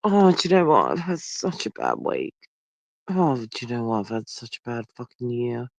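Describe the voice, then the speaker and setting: Tired and yawning, this man rambles and swears in a casual livestream chat, phone held very close to his mouth. His mid-range voice is sing-song with vocal fry at a moderate pace, and the audio is a dull, lo-fi, dry phone recording with no echo.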